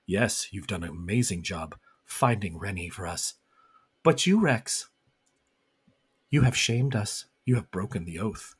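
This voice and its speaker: A man voicing cold vampire elders who speak quietly and threaten punishment. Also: lowish voice, animated, measured pace, breathy edge, pitched below the performer's own voice, full character voice. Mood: menacing.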